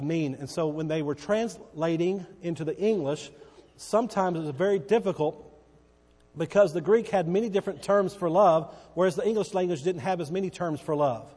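A man preaching from the pulpit with a slightly raised pitch, stressing and repeating his words. He keeps asking the congregation whether they follow him. His voice rings out with the long reverb of a large church hall. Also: darkish tone, husky. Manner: emphatic, repeats key words, checks in with congregation. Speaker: pastor. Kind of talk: sermon.

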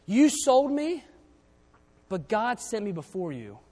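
Male preacher, fairly high voice, church sermon mixing scripture reading with plain talk, long hall echo. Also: big pitch swings, slow pace, darkish tone. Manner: reads King James verses aloud, then explains them conversationally.

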